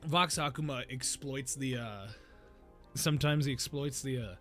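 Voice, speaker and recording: A man's voice: medium pitch, normal speed, bright, forceful tone, soft background music. A man hosting a podcast in casual chat, laughing often and explaining things at length with many restarts. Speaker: podcast host.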